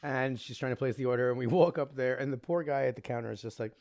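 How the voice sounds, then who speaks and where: A man's voice: mid-range voice, quick pace, no echo, clean studio sound. A man co-hosting a podcast, telling anecdotes casually and acting out what people said. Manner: animated anecdote-telling, acts out quotes. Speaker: podcast co-host. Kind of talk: casual chat.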